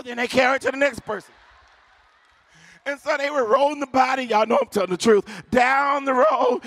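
High, bright-voiced preaching man. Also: dry recording, clean studio sound. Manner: impassioned preaching with frequent shouted lines; calls on the congregation for responses. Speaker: pastor. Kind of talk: sermon.

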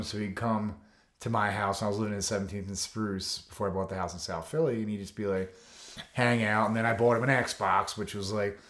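On a podcast, an easygoing coach and foster dad spins casual stories as the interview guest, his voice pitched on the lower side. He wanders loosely, peppering his talk with "like" and "you know" and performing the quotes. The space sounds roomy and echoey.

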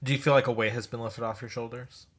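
A man co-hosting a casual podcast chat, low-key with short replies. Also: steady tone, fast. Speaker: podcast co-host.

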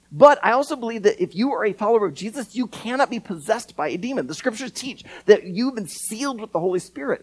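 A man preaching a sermon, animated and earnest, often repeating words as he starts a thought. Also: high voice, poor audio. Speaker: pastor.

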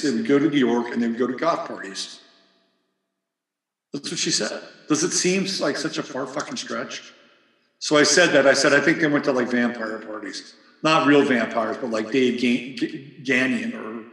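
A man's voice: mid-range voice, fairly bright tone. A man hosting a podcast, talking in a casual monologue that rambles through digressions with plenty of profanity. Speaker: podcast host. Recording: roomy with long reverb.

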